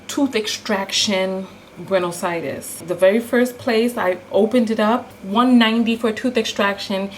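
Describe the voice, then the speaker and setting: A woman telling a story in a casual vlog, animated and full of acted-out quotes. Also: mid-range voice, a little hiss or hum, poor audio. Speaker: vlogger.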